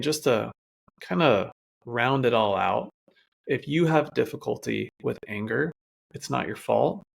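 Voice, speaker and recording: A man hosting a solo podcast as a self-control coach, explaining calmly and speaking directly to his listeners. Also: medium pitch, vocal fry.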